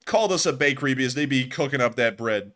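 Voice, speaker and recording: Lively, excitable male stream host. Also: mid-range voice, quick pace. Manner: excited, joking, laughs often. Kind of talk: live-stream war commentary.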